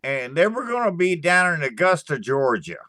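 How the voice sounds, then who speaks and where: A man hosting a livestream, chatting casually with viewers in a halting, stammering way, swearing often and sighing between thoughts. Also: a little high, big pitch swings, sharp tone, dry recording, clean studio sound. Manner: slow, sighing storytelling. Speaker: livestream host answering chat. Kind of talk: casual rambling chat.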